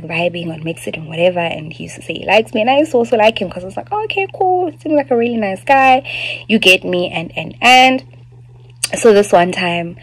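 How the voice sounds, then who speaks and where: A woman's voice: fairly low pitch, gravelly, husky, poor audio. A South African woman in her twenties, speaking candidly as a vlogger telling a personal story, with lots of fillers and asides.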